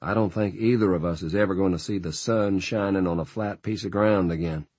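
A man's voice: low voice, fairly quick, a little mellow, slightly rough, no room sound. A man reading a weary, fatalistic frontier rider who talks in a rural drawl. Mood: grim. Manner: rural drawl, folksy grammar.

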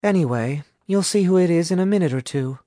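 A man voicing a sharp-tongued young female student who can read minds and scolds bluntly in a storybook reading. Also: fairly low pitch, animated, fairly quick, no room sound, studio quality, voice pushed up, natural voice. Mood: scolding.

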